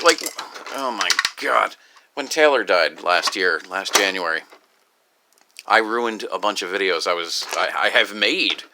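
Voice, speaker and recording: A grieving, upset man talking in a rambling personal vlog, halting and profane, with many restarts. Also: on the low side, noisy background. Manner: halting, profane, full of restarts and "you know". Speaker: video creator.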